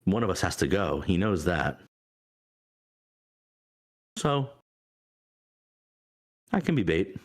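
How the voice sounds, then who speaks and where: A man voicing a calm, sly male cat deity of death in a tabletop game. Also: low-pitched, slow, long pauses, full character voice. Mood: resolved.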